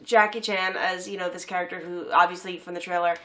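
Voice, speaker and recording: A woman's voice: lowish voice, fairly quick. A woman chatting about a film, telling stories animatedly and acting out her coworkers. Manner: animated storytelling, acts out coworkers. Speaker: co-host. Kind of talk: casual film review chat.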